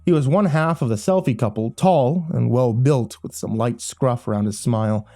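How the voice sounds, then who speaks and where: A man's voice: mid-range voice, moderate pace, warm tone. A man narrating a first-person horror story in a wry, dry audiobook style.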